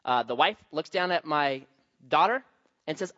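A man's voice: a little high, animated, normal speed, no room sound. Conversational preacher man, slightly muffled. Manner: conversational, emphatic, varies loudness for stress. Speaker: pastor. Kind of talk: sermon with anecdotes.

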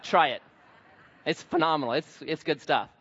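A man's voice: on the high side, moderate pace, husky. A man in his thirties preaching a sermon, telling stories and acting out the voices of the people in them. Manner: animated storytelling, acts out voices. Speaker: pastor. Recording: dull sound with long hall reverb.

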